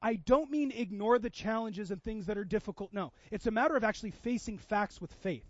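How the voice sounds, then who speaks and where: A man's voice: sits high, brisk, hardly any pauses, dry recording, highs cut off. A man in his thirties preaching a conversational sermon, acting out quoted voices as he goes. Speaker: pastor.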